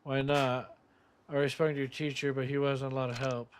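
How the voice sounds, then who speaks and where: A man's voice: mid-range voice, little pitch movement, a little fast, close to an everyday voice. A man voicing a stern, protective grown man who looks after orphans, reading the game's subtitles aloud over a hiss. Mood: firm.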